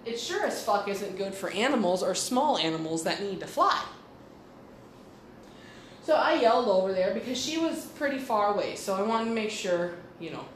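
A woman's voice: mid-range voice, sing-song, moderate pace, slight background noise. A woman hosting a podcast, telling rambling stories in a blunt, casual way and swearing freely. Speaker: podcast host. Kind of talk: casual storytelling monologue. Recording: echoey room with faint ambience.

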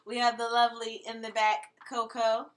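An animated woman chats as a podcast co-host, acting out scenes with gusto. Her voice is high. Noticeable noise hums behind her. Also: moderate pace. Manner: animated, quotes TV scenes loudly. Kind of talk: casual chat.

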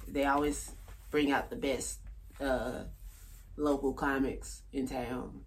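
A man in his thirties, a stand-up comedian chatting on a podcast, laid-back and halting, laughing often. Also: medium pitch, flat delivery. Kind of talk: casual podcast chat.

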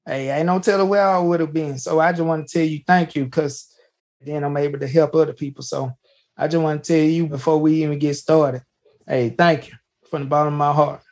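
A man's voice: on the high side, fairly even intonation, brisk, a little mellow. A man hosting a podcast, telling a personal story in a folksy way, often starting with "hey" and restarting his sentences. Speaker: podcast host. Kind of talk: casual storytelling.

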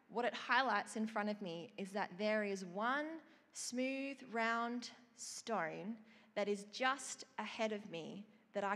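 Woman, preacher, expressive storytelling sermon, middle pitch, reverberant hall. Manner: storytelling, expressive, with scripture reading. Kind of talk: sermon sharing a vision.

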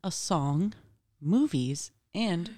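Low-voiced woman podcast host. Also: animated, extremely slow, mellow. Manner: hesitant, many fillers while reading notes. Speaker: podcast co-host presenting a topic. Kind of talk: casual group chat.

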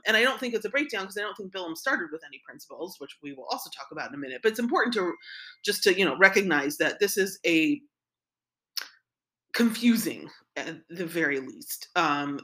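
Female Torah teacher, informal lesson delivery, bright tone, loose chatty asides. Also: on the low side, animated, a little fast. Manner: conversational, frequent "right?" and "like" asides.

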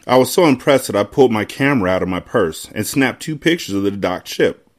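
A man's voice: on the low side, expressive, brisk. A man hosting a podcast, reading a novel aloud and dropping laid-back, conversational asides. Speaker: podcast host.

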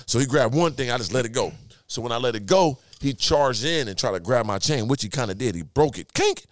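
A man telling a wild story as a podcast guest, animated and profane, acting out the scene with sound effects. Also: medium pitch, fairly quick, dry recording, studio quality. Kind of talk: casual storytelling.

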